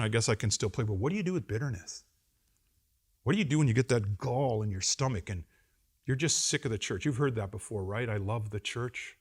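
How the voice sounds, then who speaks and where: Man, pastor, middle-aged, medium pitch, animated conference address, wry humor, loud emphasis and quiet asides. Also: slightly rough. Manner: wry humor and acted-out quotes. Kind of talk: conference address to seminary students. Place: seminary campus lecture.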